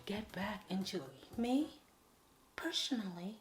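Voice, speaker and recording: Lady vlogger hyping you up, kinda low voice, calls you honey and darlings, echoey room w/ soft music under it. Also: normal speed. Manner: coaxing and playful, calls viewers darlings and honey. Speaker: motivational vlogger. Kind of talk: direct-to-camera motivational talk.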